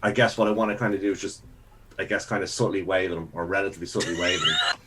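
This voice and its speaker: Hesitant low-voiced man playing a game. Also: fairly even intonation, rapid-fire, very noisy. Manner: hesitant, thinks aloud with "um" and "I guess". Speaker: player. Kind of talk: tabletop game play.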